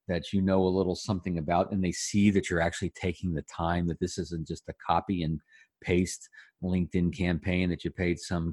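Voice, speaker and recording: A man speaking as an interview guest, giving conversational advice through folksy, animated examples. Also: deep voice, no room sound, studio quality. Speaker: interview guest, referral coach.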